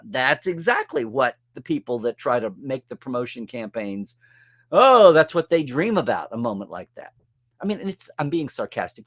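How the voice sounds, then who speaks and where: Middle-aged male show host, lively swooping delivery, rambling and sarcastic, casual commentary. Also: a little high. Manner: rambling, sarcastic asides, restarts mid-sentence.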